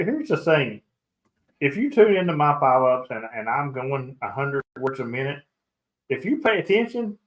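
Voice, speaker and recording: A man's voice: on the high side, fairly bright tone, low-quality recording. A man hosting a casual radio-hobby chat show, talking in a rambling way with frequent restarts. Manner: rambling, self-interrupting. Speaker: podcast host.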